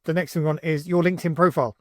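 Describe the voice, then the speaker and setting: A man hosting a software tutorial, talking casually and thinking aloud with fillers as he builds something on screen. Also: on the high side, steady tone, very fast, no room sound, studio quality. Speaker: tutorial host, agency owner.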